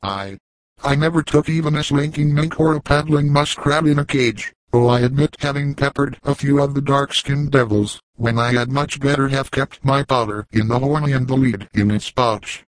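A man's voice: medium pitch, moderate pace, no room sound, natural voice, low-quality recording. A man voicing a young frontier hunter who talks in a boastful, easygoing way.

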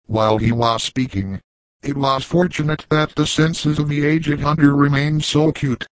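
A man narrating an audiobook of an old adventure novel in a measured, formal manner. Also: mid-range voice, dry recording, poor audio.

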